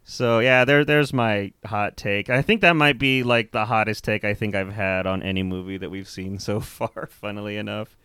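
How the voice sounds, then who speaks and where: A young man co-hosting a casual podcast, rambling along, laughing often and swearing freely. His voice comes through smooth and resonant, recorded close and dry. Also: fairly low pitch, fairly even intonation, moderate pace, hardly any pauses, sharp tone, dry recording. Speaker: podcast co-host. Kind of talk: casual chat.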